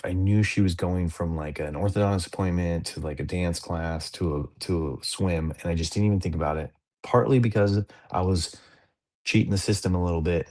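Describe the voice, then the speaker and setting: Deep-voiced rambling dad host. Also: male voice, gravelly, a little mellow. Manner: rambling, self-mocking, chatty storytelling. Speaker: podcast host. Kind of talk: casual chat.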